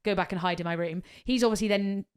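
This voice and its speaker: A woman tells a story in a casual podcast chat. She is animated and swears freely. She acts out what other people said along the way. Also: mid-range voice, fast talker, clear, resonant tone. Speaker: podcast co-host.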